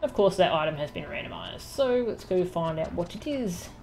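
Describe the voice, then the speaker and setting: A woman giving casual live commentary while she plays a video game, chatting and teasing the boss out loud. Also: lowish voice, very animated, normal speed, soft background music. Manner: chatty, teases the game's boss aloud. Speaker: game streamer.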